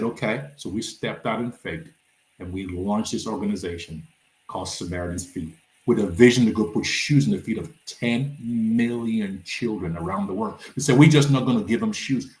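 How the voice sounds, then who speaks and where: A man from Nigeria, a nonprofit founder, telling his story as a podcast guest and acting out the dialogue with big swings in pitch. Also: reverberant. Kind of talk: animated storytelling in a podcast interview.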